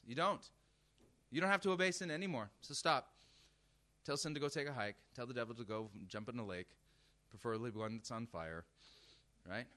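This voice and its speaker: A man's voice: medium pitch, normal speed, sharp tone. A man preaching a sermon, emphatic and direct, often asking his listeners rhetorical questions.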